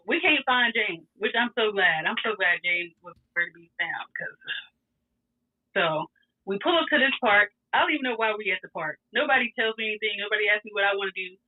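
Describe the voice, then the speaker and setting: A woman telling a wild story in a casual, animated, profane way, laughing often. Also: mid-range voice, a little fast. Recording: tinny phone-like sound.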